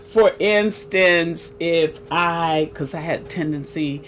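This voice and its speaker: A woman's voice: low-pitched, slow pace. Woman author chatting on a talk show, storytelling, faint hum in background. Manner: warm storytelling, quotes her father's sayings. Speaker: guest author. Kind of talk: casual talk show interview.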